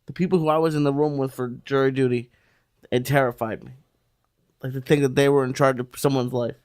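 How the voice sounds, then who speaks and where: A man's voice: mid-range voice, fairly even intonation, fairly quick, darkish tone, smooth, dry recording, studio quality. A man chatting casually on a podcast, rambling with many "like" fillers. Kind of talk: casual chat.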